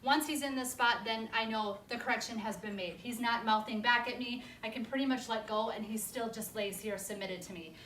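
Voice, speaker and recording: A woman dog trainer who explains a hands-on training session step by step and breaks off for sharp, firm commands to the dog. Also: fairly high pitch, brisk, few pauses, slight background noise. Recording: echoey room with faint ambience.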